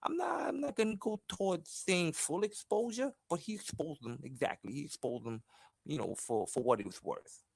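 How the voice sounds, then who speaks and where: A man doing a comedic impression of a famous boxer, rambling and excitable. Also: gravelly, slightly rough, dry recording, exaggerated voice. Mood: excited. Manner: rambling, high-pitched, rapid run-on talk.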